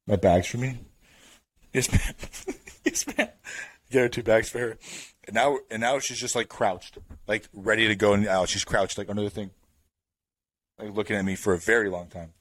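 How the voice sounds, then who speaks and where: A male podcast host telling a rambling story in a casual chat, full of fillers and slang, getting louder as it builds. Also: fairly low pitch, a little fast. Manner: rambling, filler-heavy with "like" and "bro"; animated, builds up to louder bursts.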